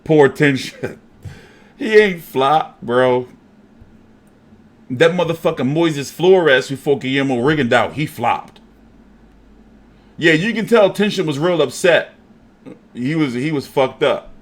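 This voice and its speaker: A man hosting a casual boxing show, talking in an animated, profane, jokey way. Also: a little high, slow, long pauses.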